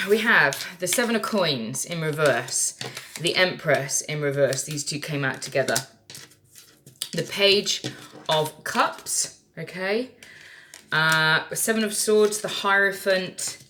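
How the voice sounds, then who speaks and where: A woman's voice: sits low, takes it slowly, sharp tone, a little hiss or hum. A woman giving a casual tarot reading, chatty and irreverent, swearing freely as she talks through the cards. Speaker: tarot reader.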